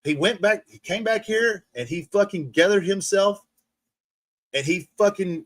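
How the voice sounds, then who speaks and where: A fired-up man on a livestream, swearing constantly and circling back over his own sentences as he rants. His voice sits a bit high, and the sound is close and dry. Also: measured pace, no echo. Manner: profane, heated, repeats himself with restarts. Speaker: livestream host. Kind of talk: ranting casual monologue.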